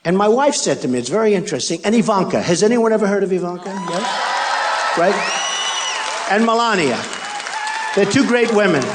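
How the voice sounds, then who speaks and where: A man's voice: high voice, expressive, normal speed, long pauses, a little hiss or hum. An older man giving a rally speech, boastful and repetitive, with mocking asides. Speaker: political candidate. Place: large arena. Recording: crowd in a big arena. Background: faint crowd and ambience.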